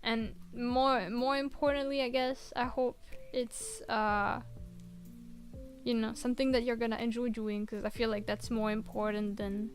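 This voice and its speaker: High-pitched girl streaming, soft chatty voice, a little music playing quietly behind. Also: fairly even intonation, a little slow. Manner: soft-spoken, reads chat aloud, encouraging. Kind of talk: casual chat while working.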